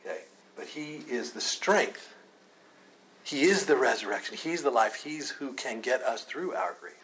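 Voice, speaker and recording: Male Bible study teacher, emphatic, mid-pitched, light noise behind. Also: expressive, unhurried, a bit bright, poor audio. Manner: earnest, emphatic, takes questions.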